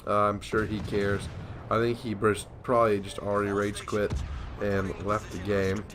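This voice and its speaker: A man's voice: lowish voice, completely flat delivery, moderate pace, background noise. Sleepy, yawning young man commentating gameplay. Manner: sleepy, yawning, rambling self-deprecating.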